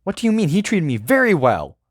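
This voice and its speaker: A man voicing an earnest young male robot soldier who rises to indignant shouts. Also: on the low side, moderate pace, breathy edge, no room sound, studio quality, voice pushed up. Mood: outraged.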